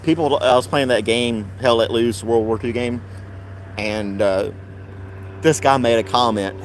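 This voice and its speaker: A man's voice: mid-range voice, unhurried, slight background noise. A man hosting a casual podcast chat, rambling and wry, laughing at his own jokes. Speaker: podcast host.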